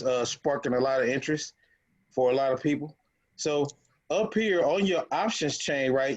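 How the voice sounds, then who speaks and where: Over a screen share, a man casually teaches his online options trading group, his speech halting with frequent fillers and restarted sentences. His voice is medium-pitched and the audio is poor.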